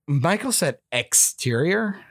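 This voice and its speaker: A man's voice: fairly high pitch, very animated, slow, dry recording, studio quality. A man co-hosting a casual movie review podcast, swearing a lot and putting on theatrical mock outrage. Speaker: podcast co-host.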